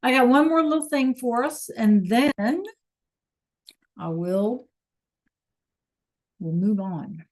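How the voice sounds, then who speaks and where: A woman's voice: on the high side, animated, takes it slowly, long pauses. A woman teaching an online Spanish class over a video call, encouraging students to answer in the chat.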